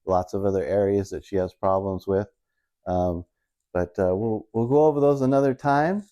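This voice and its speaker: A man's voice: fairly low pitch, normal speed, dark tone. A middle-aged man doing casual stand-up storytelling, rambling and self-mocking as he retells everyday married life. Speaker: stand-up comedian.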